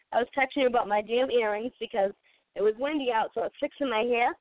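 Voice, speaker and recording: A woman's voice: on the high side, fast, dry recording. A woman in her thirties co-hosting a podcast, telling a story in a rambling way and laughing often. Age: 30s. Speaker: podcast co-host. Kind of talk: casual storytelling chat. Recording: dry, tinny phone-like sound.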